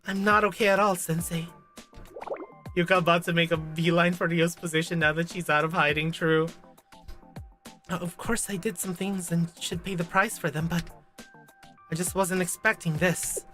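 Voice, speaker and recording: Bright-voiced woman streaming a game. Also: fairly low pitch, normal speed, long pauses, soft background music. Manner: animated, gushing, swears casually. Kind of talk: casual gaming livestream, reading game text aloud.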